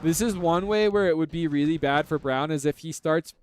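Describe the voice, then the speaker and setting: A man's voice: a little high, a little fast, a little hiss or hum. A man giving casual live commentary on a strategy game, chatty and analytical, with lots of filler words. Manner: chatty and analytical, heavy use of "like".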